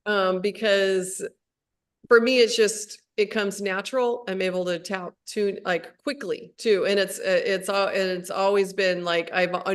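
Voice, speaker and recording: A woman's voice: medium pitch, smooth. A woman hosting a casual spiritual conversation on a live video stream. She rambles, restarting her sentences and filling gaps with "um" and "like". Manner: rambling, with many restarts and fillers. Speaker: host of a spiritual livestream.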